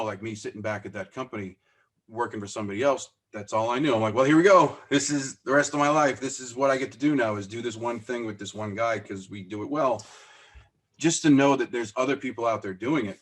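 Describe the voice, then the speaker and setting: A man whose voice sits on the low side talks at a quick pace as a podcast guest and business owner. In this casual interview he tells stories with lively energy, acting out the quotes and poking fun at himself with laughter.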